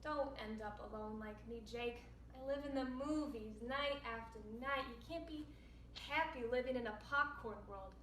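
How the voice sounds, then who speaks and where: A woman's voice: high-pitched, moderate pace, a bit bright, a little hiss or hum. A young woman playing a chatty, caring sister. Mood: tender. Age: late teens. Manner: wry, self-mocking asides. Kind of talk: stage monologue. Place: home room over video. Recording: echoey room, distant mic.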